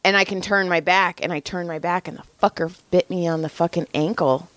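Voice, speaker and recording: A young adult woman co-hosting a podcast, telling a story in casual chat with lively acted-out quotes and frequent swearing. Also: on the low side, fairly quick, no room sound. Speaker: podcast co-host.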